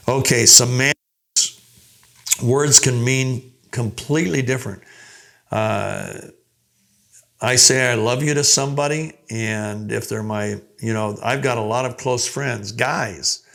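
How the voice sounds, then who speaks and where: An older man teaches in a relaxed, conversational way, and his voice has a gravelly edge. He now and then acts out brief quoted lines to make a point. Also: medium pitch. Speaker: communication coach. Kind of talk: teaching talk to a group.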